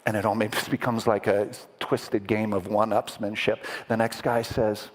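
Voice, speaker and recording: A man preaching a sermon as vivid storytelling, dramatic and playful with the congregation, building to loud peaks and dropping to a whisper. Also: on the low side, flat delivery, normal speed, few pauses. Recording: echoey hall with long reverb.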